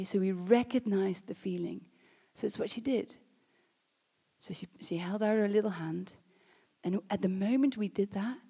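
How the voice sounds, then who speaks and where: A woman sharing a personal faith story as a sermon, storytelling warmly and often dropping to a hushed whisper. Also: medium pitch, in a large hall. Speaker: speaker leading a faith session. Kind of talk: personal testimony and preaching.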